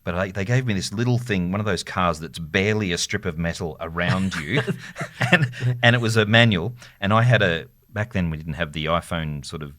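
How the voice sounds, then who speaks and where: A middle-aged man with a very low voice and a bright, ringing edge co-hosts a casual podcast. He talks in a joking, self-mocking way and drifts into anecdotes. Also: a little fast. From rural Australia. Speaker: podcast co-host. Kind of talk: casual chat.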